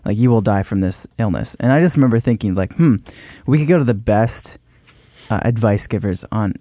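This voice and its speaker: A man's voice: lowish voice, a little fast, mellow, no room sound, studio quality. A man co-hosting a faith podcast who talks reflectively and hesitantly, with many likes and ums. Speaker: podcast co-host. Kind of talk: conversational faith discussion.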